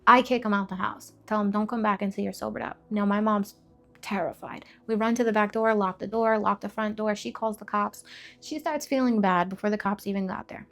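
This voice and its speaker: A woman's voice: medium pitch, fairly bright tone. Candid young woman telling her story. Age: 20s. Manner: frank, emotional storytelling with quick asides and repeated phrases. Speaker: vlogger sharing a testimony. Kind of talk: candid personal testimony vlog.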